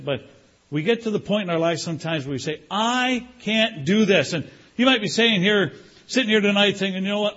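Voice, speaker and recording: An older man preaching a sermon as pastor, animated, acting out prayers and pleas in different voices. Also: high-pitched, muffled recording.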